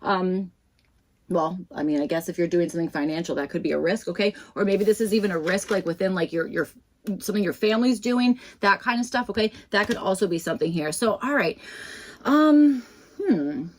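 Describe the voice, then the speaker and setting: A woman's voice: medium pitch, fairly quick, a little mellow. Young woman, tarot reader, casual rambling chat with restarts and fillers. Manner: chatty and self-deprecating. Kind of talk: casual tarot reading to camera.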